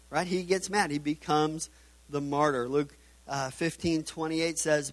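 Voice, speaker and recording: A man's voice: fairly high pitch, steady tone, a little slow, dry recording. Man preaching with constant "right?" tags. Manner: conversational preaching with frequent "right?" tags and stammered restarts. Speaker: pastor. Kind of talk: sermon.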